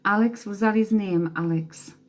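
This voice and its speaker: Over faint background music, a woman gives a live-stream spirit reading, talking with viewers, passing along messages and laughing a lot. She speaks at a moderate pace in a mid-range, slightly mellow voice, recorded on a phone or webcam.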